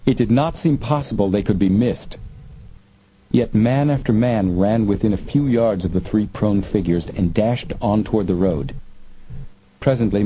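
Male narrator, measured suspense reading, lo-fi muffled sound with light hiss. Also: lowish voice. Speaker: audiobook narrator. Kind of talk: scripted narration.

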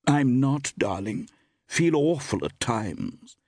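A man reading aloud, voicing a glamorous, gushing actress with affected, drawn-out endearments. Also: medium pitch, big pitch swings, a little mellow, no room sound, voice pushed up, exaggerated voice.

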